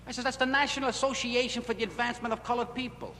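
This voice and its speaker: A man doing a stand-up routine at a nightclub, telling punchy stories in a voice that jumps in pitch and loudness. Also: little pitch movement, rapid-fire, few pauses. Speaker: stand-up comedian. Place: nightclub stage. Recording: echoey club, scratchy 1960s film audio. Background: audience laughter.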